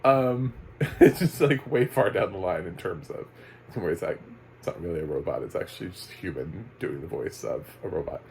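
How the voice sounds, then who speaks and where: A man's voice: deep voice, lively intonation, moderate pace, darkish tone, a little hiss or hum, rough recording. A man giving a casual, rambling video review of a documentary, full of fillers, restarts and chuckles. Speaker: movie reviewer.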